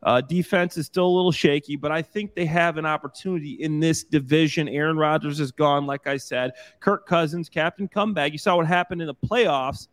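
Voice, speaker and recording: A man who used to play pro football, eagerly giving his betting picks as a panelist on a sports talk show. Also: on the high side. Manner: enthusiastic, rapid picks. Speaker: former football player, panelist.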